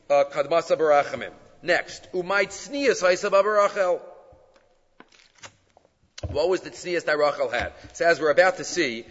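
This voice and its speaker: A man teaching a text study lesson in an animated way, often posing rhetorical questions. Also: a little high. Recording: dull lo-fi sound with long reverb.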